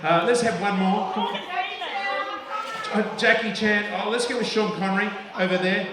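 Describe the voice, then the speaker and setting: A man's voice: high-pitched, normal speed. An Australian man doing stand-up comedy, playfully teasing the audience and slipping into impressions. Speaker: comedian hosting an awards night. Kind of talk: stand-up comedy with crowd work. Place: large event hall with a live audience. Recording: echoey hall, distant mic, crowd noise.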